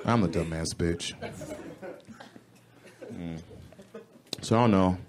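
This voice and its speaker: A man doing a stand-up comedy set on a club stage, animated and profane, often jumping into high, exclaimed voices. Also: slow, very noisy. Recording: live club recording with crowd. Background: audience laughing.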